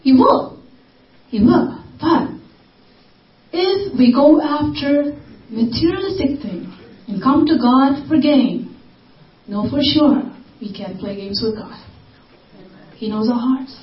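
A woman's voice: high-pitched, animated, takes it slowly, long pauses. A woman preaching a sermon, repeating phrases for emphasis and acting out desperate cries. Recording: echoey, distant, dull lo-fi recording.

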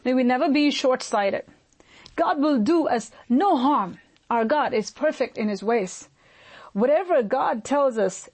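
A woman pastor preaching a sermon in an earnest, emphatic manner, often speeding up and slowing down. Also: a little high, a little mellow.

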